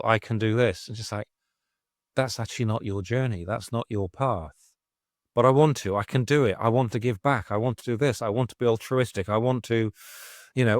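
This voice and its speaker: A man's voice: medium pitch, no echo, clean studio sound. A middle-aged man speaking frankly and with exasperation as a podcast guest, swearing freely as he tells his story. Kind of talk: candid conversational storytelling.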